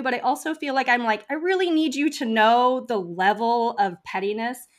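A woman guest on a podcast, telling stories in a chatty, animated way with frequent "like" fillers. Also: a little high, moderate pace, hardly any pauses. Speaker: podcast guest, funeral home founder. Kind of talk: casual interview storytelling.

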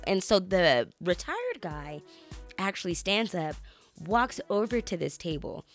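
A woman with a lowish voice tells a story in a casual podcast chat. She is animated and acts out other people's lines, with faint music playing underneath. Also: unhurried. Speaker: podcast co-host.

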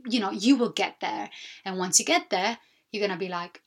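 A woman's voice: medium pitch, moderate pace, gravelly. A woman hosting her own podcast, talking alone in a candid, reflective way and often restarting her sentences. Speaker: podcast host. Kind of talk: solo podcast monologue.

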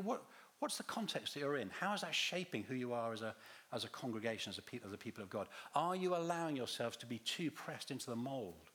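A man's voice: medium pitch, a bit bright. A man giving a teaching talk to a congregation, quizzing the listeners and restarting his phrases as he goes. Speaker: visiting Bible teacher.

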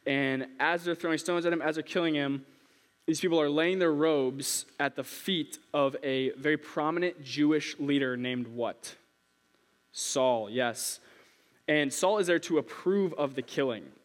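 Speaking unhurriedly in a slightly high voice, a young youth preacher gives a casual sermon in a church hall. He's a chatty, self-deprecating storyteller who jokes around before moving into Bible teaching. Long hall reverb colors the recording.

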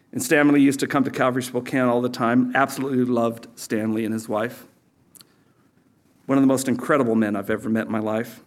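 A male pastor delivers a sermon from a church service. His voice sits in a middle register, and he keeps it animated, slipping in jokes between scripture points. He lifts his pitch sharply whenever he wants a line to land. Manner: animated, jokey, pitch jumps up for emphasis.

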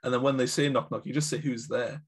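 A man with a husky, breathy voice chats about films on a podcast. He keeps it jokey and laughs often. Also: mid-range voice, steady tone, fast. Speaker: podcast co-host. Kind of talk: casual film chat.

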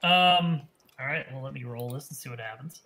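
A man narrating as game master on an online voice call, laughing often and filling pauses with "uh" and "um". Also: mid-range voice, sharp tone, slight background noise. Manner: laughs often, fills gaps with "uh" and "um". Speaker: dungeon master.

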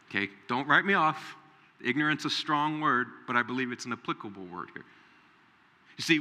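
Preacher guy giving a sermon, super bright forceful voice, big echoey hall, acts out the bible people. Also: sits high. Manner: animated, acts out Bible figures in raised voice. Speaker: pastor. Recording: reverberant hall.

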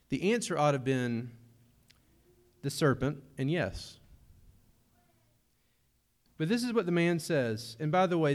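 A young adult man, preaching a sermon in a conversational way with humorous asides. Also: medium pitch. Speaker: pastor.

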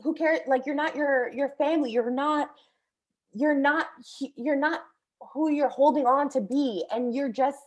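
A woman voicing a dark cosmic entity that tells someone to surrender, speaking softly and insistently. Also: high voice. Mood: dismissive. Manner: slow, soft, insistent. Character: dark shadowy cosmic entity, calm and commanding.

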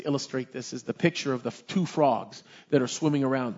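A man's voice: medium pitch, brisk, a little mellow, lo-fi sound. A man preaching a sermon as a pastor, emphatic and repetitive, with many "you know" fillers.

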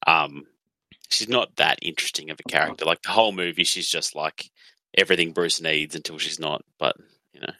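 A man's voice: a bass voice, fairly even intonation, brisk, pushed and bright, dry recording. A man co-hosting a casual film chat, dry and understated as he picks at plot points. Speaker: podcast co-host.

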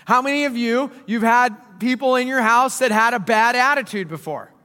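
A man delivers a sermon in a chatty, humorous way, swinging between hushed asides and loud stretches. His voice sits high with a bright ring, and the sound carries a long reverb from a large church hall. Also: moderate pace. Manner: conversational, joking preacher with dramatic swings in loudness. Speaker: pastor. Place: church auditorium.

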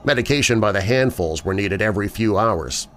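A man hosting a show and narrating listener horror stories in a measured storytelling manner. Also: lowish voice, expressive, fairly bright tone, a little hiss or hum. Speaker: host and narrator. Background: faint music.

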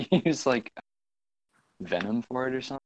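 A young man in a casual podcast chat, firing quick questions and laughing easily. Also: medium pitch, animated, noisy background.

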